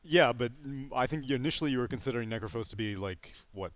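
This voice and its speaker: A man with an ordinary mid-range pitch gives live esports commentary. He breaks down lanes and heroes in a measured, analytical way. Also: lively intonation. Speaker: esports caster.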